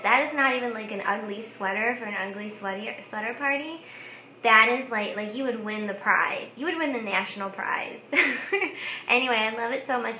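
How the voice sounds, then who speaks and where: A woman's voice: a little high, sharp tone, a little hiss or hum. Giggly chatty woman vlogger, roomy sound. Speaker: craft vlogger. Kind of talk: casual chat showing thrift finds. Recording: echoey room.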